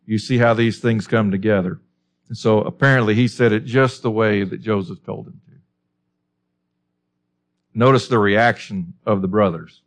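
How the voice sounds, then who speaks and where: Male preacher asking rhetorical questions. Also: lowish voice. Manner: conversational, asks rhetorical questions. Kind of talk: expository sermon.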